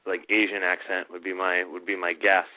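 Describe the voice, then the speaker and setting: A man's voice: sits low, little pitch movement, moderate pace, very noisy. A man hosting a live radio talk show, chatting casually with a guest and addressing his listeners as he plays audio clips.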